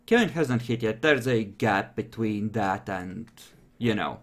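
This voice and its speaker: A man's voice: lowish voice, animated, takes it slowly. A man running a tabletop game as game master, narrating scenes in a casual, offhand way and swearing freely.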